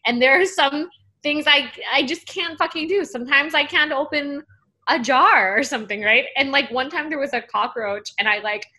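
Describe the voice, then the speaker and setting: A young woman co-hosting a casual podcast, swearing freely and telling animated stories, slipping into Indonesian now and then. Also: high voice, normal speed. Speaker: podcast co-host. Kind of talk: casual chat.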